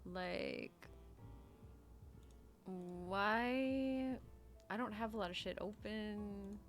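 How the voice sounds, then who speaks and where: A woman's voice: mid-range voice, drawn-out words. A young woman streaming a roleplay game, chatting casually, giggling often and muttering to herself. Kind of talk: casual gaming chat and in-character roleplay. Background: faint music.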